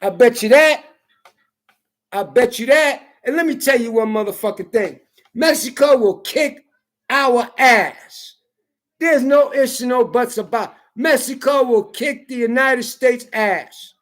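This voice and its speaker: A woman vlogger delivering an angry, profane political rant to camera, taunting and repeating herself, rising to shouts at times. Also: fairly high pitch, measured pace. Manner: profane, confrontational, repetitive taunting.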